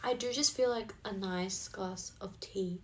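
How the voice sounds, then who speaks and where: A woman's voice: mid-range voice, measured pace, fairly bright tone, slight background noise. A young woman whose first language is English, chatting casually on a phone live stream and answering viewer comments as she reads them aloud.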